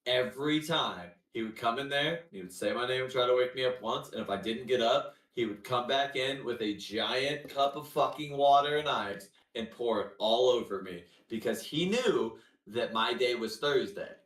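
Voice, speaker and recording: A man co-hosting a podcast, telling long profane stories in a loose, animated way packed with "like" fillers. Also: medium pitch, moderate pace. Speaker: podcast co-host. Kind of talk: casual storytelling chat. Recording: echoey room, far from the mic.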